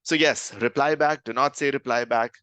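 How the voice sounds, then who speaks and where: A man's voice: mid-range voice, fairly even intonation, moderate pace, pushed and bright, clean tone, dry recording. A man teaching a live online lesson, conversational and often checking in with his listeners. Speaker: communication trainer.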